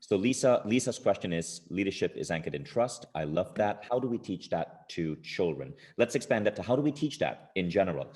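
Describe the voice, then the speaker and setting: A man's voice: low-pitched, very animated, fairly quick, hardly any pauses, darkish tone. A man hosting a live online interview, enthusiastic and hesitant, with many fillers. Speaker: host.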